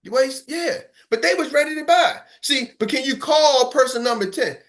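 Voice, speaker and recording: A man's voice: extremely high pitch, normal speed, hardly any pauses, a bit bright. A man coaching in a motivational talk, streetwise and emphatic, repeating phrases for rhythm. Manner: acts out phone calls. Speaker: business coach.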